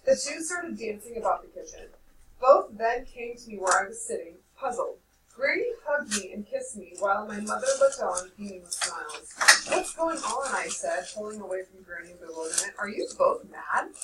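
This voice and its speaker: A woman's voice: mid-range voice, expressive, brisk, roomy sound, far from the mic, noisy background. Woman reading aloud in a classroom.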